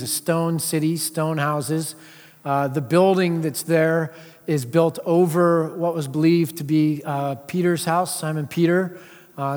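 A man giving a sermon as pastor, in a conversational way with frequent filler sounds. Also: fairly high pitch. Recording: long reverb of a large hall.

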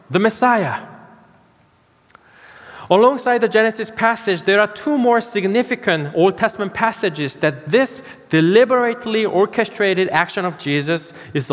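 A man preaching a sermon as pastor, slow and emphatic, pausing to stress key words. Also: high-pitched, fairly bright tone, big-room sound.

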